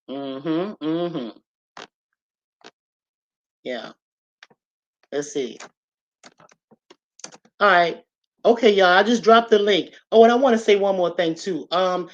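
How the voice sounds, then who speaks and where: A woman's voice: fairly low pitch, dull audio. A woman hosting a livestream, giving a casual, preachy motivational talk, emphatic and repetitive as she addresses her viewers directly. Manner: emphatic and repetitive, talks straight to the audience.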